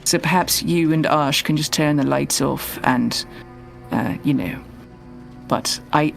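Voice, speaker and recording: A woman co-hosting a podcast, chatting playfully and teasing in quick bursts. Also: sits low, gravelly. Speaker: podcast co-host. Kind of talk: casual chat.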